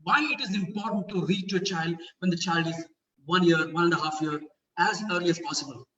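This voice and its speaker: A man's voice: high voice, steady tone, brisk, bright, forceful tone. A man with an Indian English accent giving an earnest talk to parents, explaining step by step and asking rhetorical questions. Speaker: parenting speaker. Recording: dull, roomy, from a distance.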